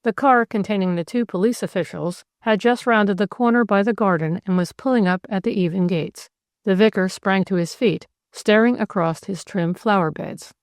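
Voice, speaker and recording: A woman reading a classic mystery novel aloud as an audiobook narrator, in a measured, even storytelling manner. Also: medium pitch, no echo, clean studio sound.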